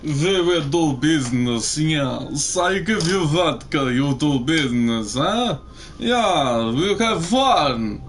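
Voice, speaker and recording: A pushy dealmaker in a thick mock Russian accent, as a gamer puts him on. He talks in clipped broken English, pitched a little above the speaker's own voice and pushed out loudly. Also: lively intonation, takes it slowly, recorded from a distance, soft background music. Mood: jokey. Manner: heavy broken-English put-on.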